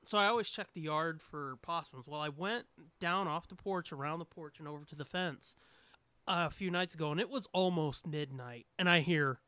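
A man's voice: on the high side, normal speed, clear, resonant tone, dry recording. A man co-hosting a podcast, telling a neighborhood story in casual, profane chat and acting out the people in it. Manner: animated storyteller, swears often, acts out quotes. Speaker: podcast co-host.

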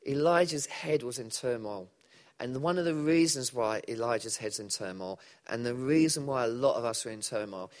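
A man preaching a sermon in a church hall, conversational and animated, often asking the audience questions. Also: medium pitch. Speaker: pastor.

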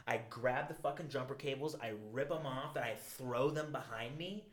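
A man's voice: medium pitch, normal speed, a bit bright. Profane storytelling podcast host man. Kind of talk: casual chat, storytelling.

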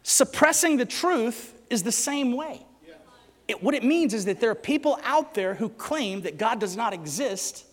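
A man preaching a sermon in church, animated and joking as he tells stories and asks the crowd questions. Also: very high-pitched, unhurried, big-room sound.

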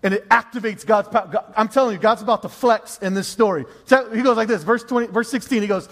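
A man's voice: high voice, quick pace, hardly any pauses, fairly bright tone. A man preaching a sermon as pastor, emphatic and repeating key phrases for effect. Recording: long reverb of a large hall.

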